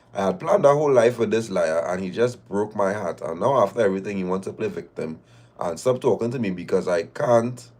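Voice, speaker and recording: A man's voice: lowish voice, darkish tone. A man hosting a livestream, reading viewer stories aloud and reacting with laughter and repeated phrases. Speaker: livestream host.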